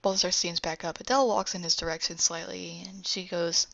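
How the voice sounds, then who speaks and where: A woman talks through her animation pitch scene by scene in a low, gravelly voice with some fry. She rambles and drops in asides. The recording is dull and lo-fi. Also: steady tone, brisk, few pauses, a bit bright. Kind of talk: casual scene-by-scene narration.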